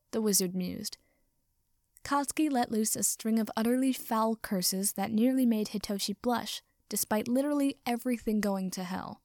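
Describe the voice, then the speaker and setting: A woman narrating fan fiction aloud in a measured, even storytelling voice. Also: medium pitch, no room sound, clean studio sound.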